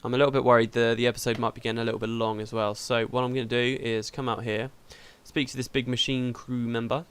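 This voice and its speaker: A man's voice: medium pitch, little pitch movement, quick pace, few pauses, a bit bright, clear, resonant tone. A man hosting a let's play, chatting casually through the game and laughing easily.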